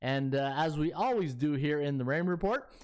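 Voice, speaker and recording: A man's voice: on the high side, expressive, moderate pace, a little mellow, clean tone. A man hosting a sports betting podcast, chatting in a folksy way with lots of fillers. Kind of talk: casual chat.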